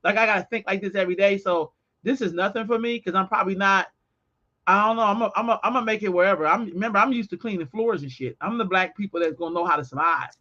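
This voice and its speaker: A woman's voice: mid-range voice, quick pace, sharp tone, highs cut off. A woman co-hosting a podcast in casual chat, talking bluntly and emphatically with plenty of profanity. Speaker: podcast co-host.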